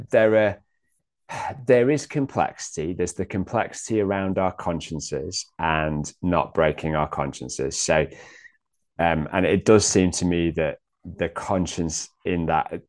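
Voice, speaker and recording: A man in a casual theological discussion, thinking aloud with many pauses and restarts. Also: low voice. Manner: hesitant, many ums and restarts.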